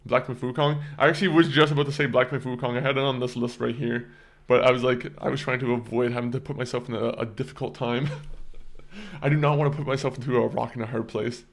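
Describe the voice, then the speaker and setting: A man's voice: mid-range voice, steady tone, quick pace. A young man chatting casually with viewers on a live stream, rambling and often stammering and repeating words.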